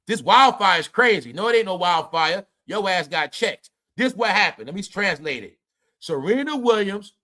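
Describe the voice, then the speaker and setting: A man's voice: a little high, sharp tone. A man hosting a commentary video, ranting animatedly at viewers in a profane, conspiratorial way. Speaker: commentary show host.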